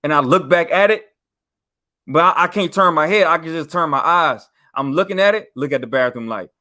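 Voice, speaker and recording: A young man casually telling a story on a podcast, animated and slangy, rising in pitch and volume when he stresses a point. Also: a little fast.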